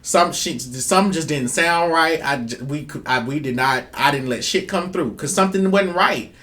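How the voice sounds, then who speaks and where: A woman's voice: sits low, moderate pace, a bit bright. A woman co-hosting a spiritual talk show, telling stories animatedly, swearing freely and acting out voices. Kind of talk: casual spiritual chat.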